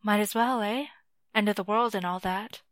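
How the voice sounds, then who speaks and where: A woman's voice: medium pitch, fairly even intonation, moderate pace, no room sound, lightly acted. A woman voicing a wry, bitter woman who works in a shop, in a dry recording. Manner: wry, casual swearing.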